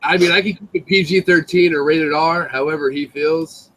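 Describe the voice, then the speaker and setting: A man's voice: a little high, normal speed, poor audio. A young man telling a story in casual, profane greaser slang, acting out the voices of the people in it. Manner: animated, acts out voices in his story. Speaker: live stream guest.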